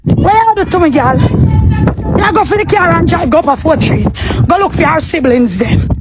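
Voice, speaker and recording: Woman, Jamaican accent, very high voice, livestream rant, loud and profane. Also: expressive, moderate pace, very noisy. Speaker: livestream host.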